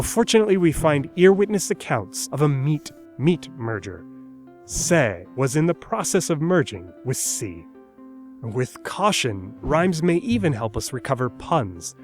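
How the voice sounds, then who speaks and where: A man giving scripted narration for an educational video in a playful, wry explaining manner. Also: mid-range voice.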